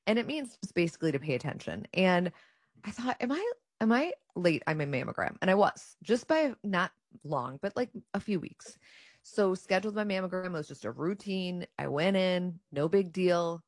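Woman guest, low pitch, animated storyteller, dry close mic. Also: normal speed, no room sound. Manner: animated, acts out her own and others' quoted words. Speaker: guest sharing her cancer story. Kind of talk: casual personal storytelling.

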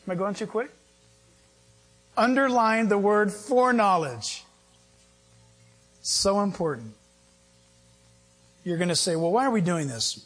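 A man pastor preaching a sermon to a live congregation in a conversational style, jumping into sudden high emphatic bursts. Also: expressive, a little slow, pauses often, a bit bright. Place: church with live audience.

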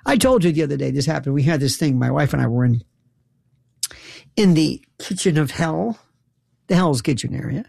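A man's voice: fairly high pitch, expressive, normal speed, creaky, pauses often, darkish tone, slightly rough, no room sound. A man, a former prosecutor, delivering a rambling, sarcastic comic monologue full of incredulous rhetorical questions. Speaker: talk show host, former prosecutor. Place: New York.

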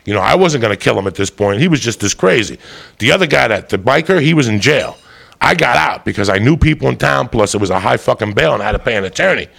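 A man's voice: medium pitch, expressive, quick pace, creaky, a bit bright. A man telling a rowdy comic story with heavy swearing and bursts of laughter. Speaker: comedian storyteller. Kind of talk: profane comic storytelling monologue.

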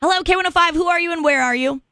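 A woman's voice: very high-pitched, very fast, pushed and bright, no room sound, clean studio sound. A woman hosting a call-in radio show, chatting casually, laughing and trailing off into restarts. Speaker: radio host.

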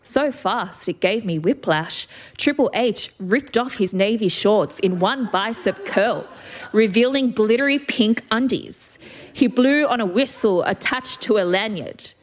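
A woman's voice: medium pitch, lively intonation, measured pace. A woman reading a first-person story aloud with vivid expression.

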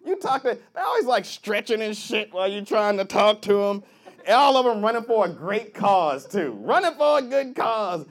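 A man's voice: high-pitched, sing-song, normal speed. A man from Chicago doing a stand-up comedy set in a club, working the crowd and swearing freely. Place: comedy club stage, with audience laughter. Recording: live club audience laughing.

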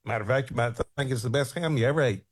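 Chatty middle-aged radio co-host. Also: male voice, mid-range voice, rapid-fire, breathy edge. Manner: chatty, opinionated storyteller. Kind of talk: casual radio chat.

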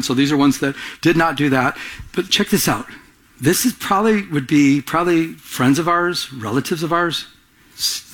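A man's voice: a little high, fairly bright tone. A man preaching a conversational Bible-study sermon, earnest and urgent, with frequent restarts. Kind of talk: sermon teaching.

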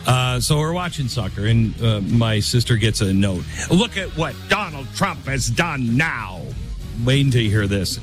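Male radio host of middling pitch, casual rambling monologue, faint music underneath. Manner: chatty and rambling, with many ums and restarts. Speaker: radio talk show host.

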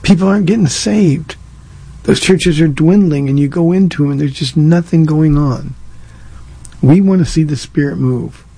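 A man's voice: a little high, moderate pace, gravelly, dark tone, slightly rough, poor audio. A man from Southern California, a pastor hosting a call-in radio show, answering listeners' questions in an earnest, plainspoken way at length.

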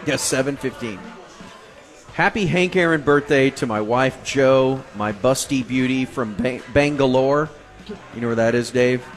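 A man's voice: mid-range voice, measured pace, soft background music. A man co-hosting a morning radio show, reading listener messages with teasing banter.

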